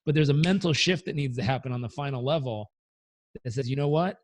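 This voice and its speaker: A man with a medium-pitched voice talks fast as he tells an interview story. A motivational coach by trade, he's an animated storyteller who acts out the characters in a conversational way.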